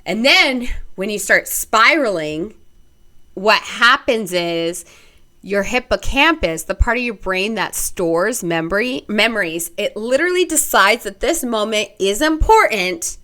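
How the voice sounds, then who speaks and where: A woman's voice: mid-range voice, animated, measured pace, bright, forceful tone. A young woman hosting a solo podcast, speaking bluntly and expressively, swearing freely and acting out inner voices. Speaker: podcast host. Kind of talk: casual solo podcast monologue.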